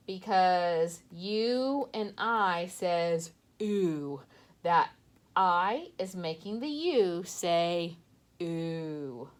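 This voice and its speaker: A woman teacher walking young children through a phonics worksheet, sounding out letters slowly and patiently while she tips her camera toward the page. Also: mid-range voice. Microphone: handheld phone or camera tipped toward a worksheet.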